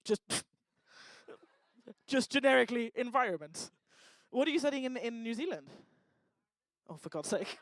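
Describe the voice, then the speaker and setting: A woman with a fairly high pitch and lively intonation speaks at a normal speed in a dry recording. She's hosting a live event on a lecture hall stage, joking around with the audience in casual stand-up crowd work.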